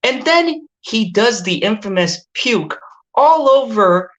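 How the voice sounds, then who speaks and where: A woman's voice: slow pace, lo-fi sound. Ranting, exasperated woman reviewing movies. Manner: exasperated, swearing, ranting with animated pitch jumps. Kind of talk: casual movie review chat.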